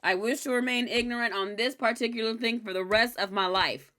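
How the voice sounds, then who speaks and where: Bright-voiced woman in casual chat. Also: a little high, fairly quick. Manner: candid and animated, swearing freely. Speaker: host recapping a TV episode.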